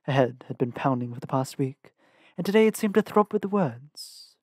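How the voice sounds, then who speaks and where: Male fan audiobook narrator, steady reading, mid-pitched, very dry close sound. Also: moderate pace, no echo. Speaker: audiobook reader.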